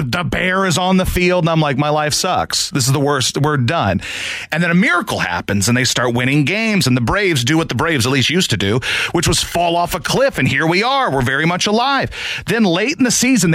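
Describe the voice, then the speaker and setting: A man in his thirties hosting sports talk radio, telling a long story in an animated way with shouted asides. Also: fairly high pitch, dry recording. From St. Louis area.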